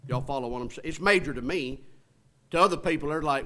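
A man preaching a sermon in a folksy way, talking straight to the congregation and swinging from hushed lines to loud emphatic ones. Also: on the high side, fast. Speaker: pastor.

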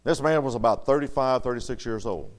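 A man preaching a storytelling sermon in a folksy way, dropping to soft murmurs and rising to loud, emphatic lines. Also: medium pitch, a little fast.

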